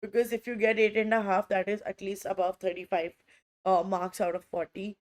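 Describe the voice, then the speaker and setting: A woman running an online exam-prep lesson. She speaks at a middle pitch and keeps a chatty, repetitive flow as she addresses her students directly. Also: level tone, a little fast. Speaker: IELTS teacher.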